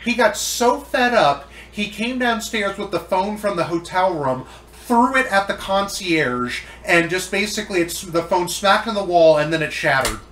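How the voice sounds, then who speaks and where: A man's voice: high-pitched, animated, normal speed, few pauses, a bit bright, roomy sound, a little hiss or hum. A man hosting a casual podcast chat, rambling through enthusiastic geeky tangents. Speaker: podcast host.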